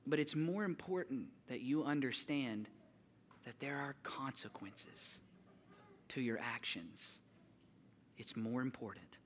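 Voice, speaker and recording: A man voicing his father as a calm, serious parent speaking quietly and slowly. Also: sits high, slight background noise. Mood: stern. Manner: quiet and measured.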